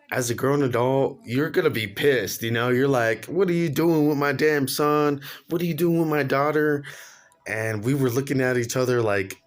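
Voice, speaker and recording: A young man casually telling a personal story on his vlog, slangy and laughing along as he goes. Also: medium pitch. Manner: laid-back slangy, laughs while telling. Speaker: vlogger.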